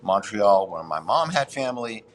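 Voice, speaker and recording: A man's voice: on the low side, big pitch swings, moderate pace, slight background noise. A man in his sixties, a podcast guest, telling a rambling story with frequent swearing and restarts. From Boston, United States. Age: 60s. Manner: rambling, profane, self-interrupting. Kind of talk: casual storytelling interview.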